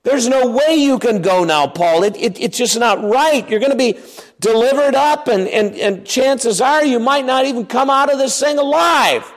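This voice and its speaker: A man voicing distraught believers who beg their beloved teacher not to go, pleading in a high, frantic voice. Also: normal speed.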